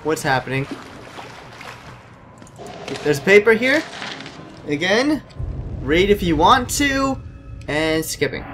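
A man's voice: high-pitched, very animated, slow, pauses often, music in the background. A man commentating a horror game, joking and talking to the characters, yelping when scared. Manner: jokey, yelps and shrieks when scared; chatty, talks to game characters. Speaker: gameplay commentator. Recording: noisy home recording.

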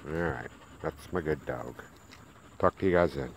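A man's voice: very deep voice, measured pace, a little hiss or hum, low-quality recording. A man filming his dogs in a front yard, chatting and coaxing them with repeated calls, recorded on a handheld camera mic. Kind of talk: casual vlog narration. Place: front yard outdoors in the country.

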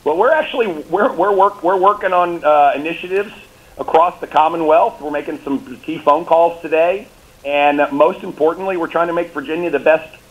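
Confident male politician on a lo-fi line. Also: fairly high pitch. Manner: confident, repetitive restarts, rally-style talking points. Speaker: governor, guest. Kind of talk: political interview by phone or remote.

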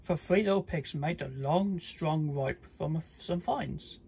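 A storybook reader reading a children's story aloud, halting now and then with small slips. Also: mid-range voice, vocal fry, darkish tone, slight background noise.

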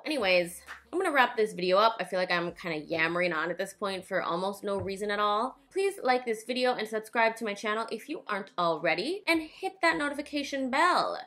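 A woman's voice: medium pitch, fairly bright tone. A woman beauty vlogger chatting casually at home, goofy and self-mocking as she reviews makeup.

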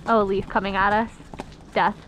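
A woman's voice: medium pitch, flat delivery, moderate pace, a bit bright, slight background noise. A young woman vlogging casually while riding a horse on an outdoor trail, chatty and giggly, teasing her horse, recorded on an action camera. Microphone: helmet or body-mounted action camera.

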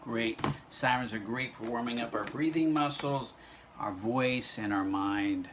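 A man with a medium-pitched voice teaches an online music lesson at an unhurried pace against a noisy background. He encourages his students while guiding them through note names and vocal warm-ups.

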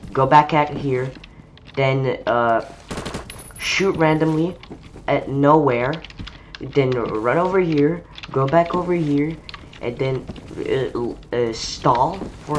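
A woman with a low voice drawls through casual gaming commentary, trading sarcastic jabs with other players. Her talk is slow and mumbly, and keyboard typing and mouse clicks sound clearly in the background. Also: a little mellow, slight background noise. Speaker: gamer streamer.

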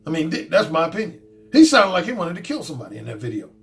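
A man's voice: a little high, wildly swooping pitch, rapid-fire, creaky, slight background noise. A man hosting his own channel, giving a casual, blunt and profane commentary monologue and repeating his points. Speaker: dating coach and YouTube host.

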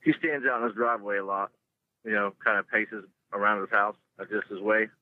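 Brief: male caller, low and laid-back, full of "you know", tinny phone sound. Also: fairly even intonation, fairly quick, slight background noise. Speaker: caller telling an encounter story. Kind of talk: casual storytelling.

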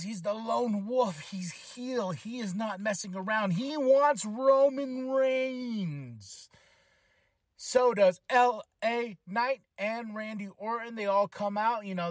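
A man hosting a solo podcast, recapping a wrestling show in a casual, excitable way and acting out quotes with lots of fillers. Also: sits high, dry recording, studio quality. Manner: excitable, chatty, acts out quotes. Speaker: podcast host.

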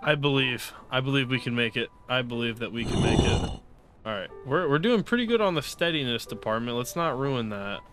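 A young man doing let's play commentary, excitable and sarcastic, pleading and shouting at the game as he plays. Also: medium pitch, a little fast, over music. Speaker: gaming YouTuber.

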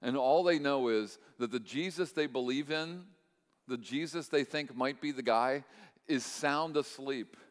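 A male pastor preaches a sermon in a church sanctuary, telling a story and checking in with the congregation. His mid-range voice is unhurried, swinging between hushed moments and loud, impassioned stretches, all under the long reverb of a large hall.

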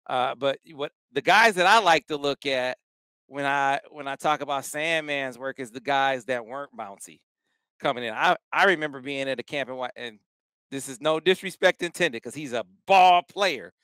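A man co-hosting a sports podcast, chatting casually and telling stories with animated emphasis. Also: mid-range voice, normal speed, clear, resonant tone, dry recording, clean studio sound. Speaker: podcast co-host.

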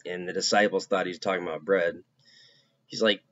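A man giving an informal devotional talk, casual and halting, with many fillers. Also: low-pitched, fairly even intonation, dry recording. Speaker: preacher. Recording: dull lo-fi recording.

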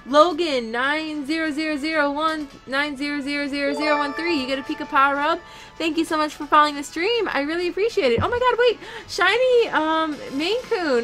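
A young woman live-streaming a game, rapidly thanking viewers and shaking with excitement. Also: high-pitched, soft background music.

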